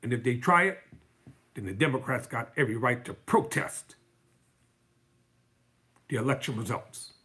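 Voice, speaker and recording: Live-stream host, male, husky mid-range voice, reads news copy and cuts in with heated, mocking commentary. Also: mid-range voice, lively intonation, moderate pace, long pauses, pushed and bright. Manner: fiery, sarcastic, mocking. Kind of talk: reading news articles aloud with heated commentary.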